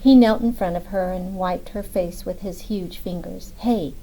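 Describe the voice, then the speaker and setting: Brief: woman audiobook narrator, measured scripted delivery, soft dark timbre. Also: on the low side, fairly even intonation, a little hiss or hum, rough recording.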